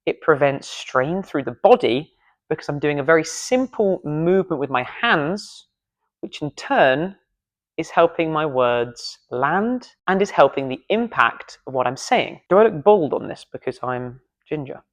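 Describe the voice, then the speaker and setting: A man's voice: fairly high pitch, lively intonation, a little slow. A man coaching public speaking in a casual video lesson, playful and self-deprecating, demonstrating gestures as he talks in a studio.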